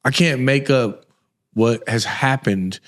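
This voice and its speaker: A man hosts a casual podcast chat. He tells his stories in a loose, rambling way, restarting sentences as he goes. His voice sits at an ordinary middle pitch. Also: slow. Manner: rambling, animated storytelling with many restarts. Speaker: podcast host. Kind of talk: casual conversation.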